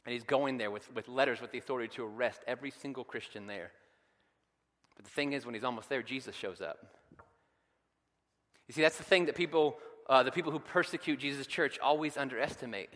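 A man preaching a sermon, retelling scripture dramatically and building to loud, emphatic peaks. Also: medium pitch, fairly quick, big-room sound. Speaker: pastor.

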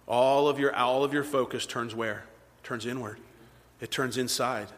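This sermon comes from a man of medium pitch who speaks at a normal speed with a steady tone. Acting as pastor, he unpacks scripture in a conversational way and asks his listeners questions, all echoing with long hall reverb.

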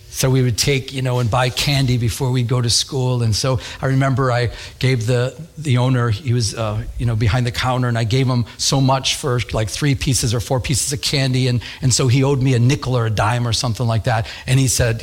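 A man preaching a sermon, telling a childhood story in an animated way and acting out the voices. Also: medium pitch. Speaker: pastor.

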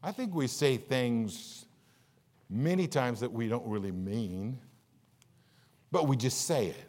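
A man preaching a sermon as pastor, folksy and jokey, with big swings between quiet asides and louder, higher bursts. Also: expressive, slow pace. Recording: long reverb of a large hall.

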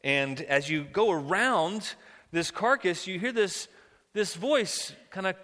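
A man's voice: high-pitched, expressive, takes it slowly, sharp tone, long reverb tail. A man preaching a sermon as pastor, earnest and vivid as he tells a story and prays.

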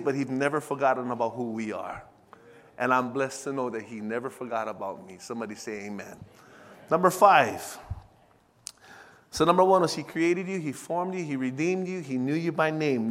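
A man preaching a sermon, calling out to the congregation and swinging from hushed to loud. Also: medium pitch. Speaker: pastor. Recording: long hall reverb.

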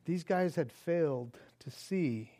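A man's voice: a little high, slow. A male pastor preaching a sermon, acting out panicked pleas and laughing often between points. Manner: animated, acts out panicked pleas with frequent laughs.

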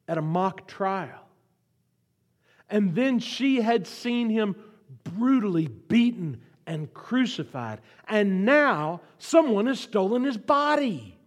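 A man serving as guest pastor preaches a sermon, swinging between loud pleas and hushed whispers. He asks the congregation to repeat lines after him, and his voice sits high.

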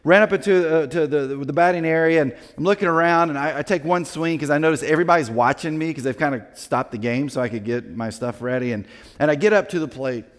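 A man preaching a sermon as a pastor, telling a personal story in a lively way and acting out the people in it. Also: a little high, quick pace, long reverb tail. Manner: animated storyteller acting out quoted voices.

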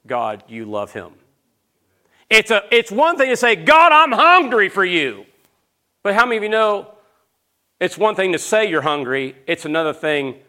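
Fervent preacher man, rising then hushed. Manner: swings between loud rising questions and low hushed storytelling. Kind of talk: sermon.

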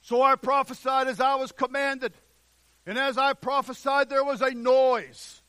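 Man, preacher, sermon, high bright voice, shouts and hushed lows, dry close sound. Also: steady tone, smooth, no echo. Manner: fervent, swinging from shouts to hushed low passages; drawn-out emphatic scripture reading.

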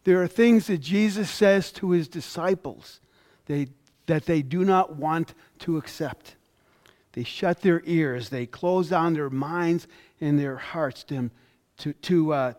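Speaking slowly in a slightly high, somewhat mellow voice, this pastor reads scripture during his sermon. He stresses the quoted words with emphatic rises.

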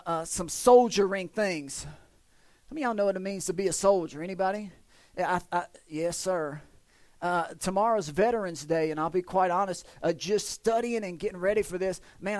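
A high-voiced man preaches a folksy church sermon as pastor. He stretches out the scripture in a slow, loud reading voice and keeps turning to the congregation with questions. The recording is close and dry, with little room sound. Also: no echo.

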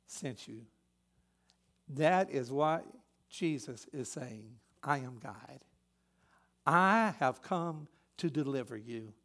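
A pastor preaching a sermon, a man who is emphatic and swings between loud and soft. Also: on the high side.

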